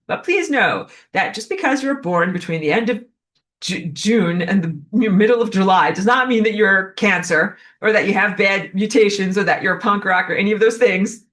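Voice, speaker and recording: A woman giving a casual spoken lecture, talking in a chatty way with lots of "like" and fillers. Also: moderate pace. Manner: animated, acts out quoted voices with jumps in pitch; chatty, heavy use of "like" and fillers. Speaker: online lecturer.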